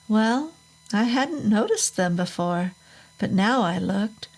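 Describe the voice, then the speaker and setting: A woman reading a first-person horror story aloud in a measured, unhurried storytelling manner. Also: medium pitch, lively intonation, darkish tone, poor audio. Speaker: narrator. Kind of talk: scripted horror story narration.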